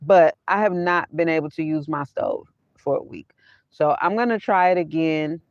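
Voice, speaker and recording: A woman's voice: low-pitched, moderate pace, dry recording. A woman hosting a casual livestream from her van, talking straight to her viewers, repeating her phrases and laughing often. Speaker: vanlife vlogger hosting a livestream. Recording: dull lo-fi sound.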